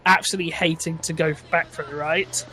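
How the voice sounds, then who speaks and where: High-voiced rambling man chatting. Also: steady tone, fairly quick, bright, forceful tone, soft background music. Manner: rambling, laughs often. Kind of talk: casual chat.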